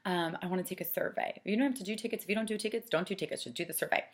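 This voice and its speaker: A middle-aged woman coaching saleswomen, earnest and persuasive, dropping to a soft hush to stress a point. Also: on the low side, very fast. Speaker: sales director training consultants. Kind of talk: coaching talk with acted sales pitch.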